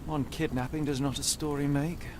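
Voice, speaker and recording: An actor playing a cool, rational Victorian detective in a game, with a crisp, dismissive delivery. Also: male voice, a little high, level tone, normal speed, over a noisy crowd, close to an everyday voice. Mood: coolly rational. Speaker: game character.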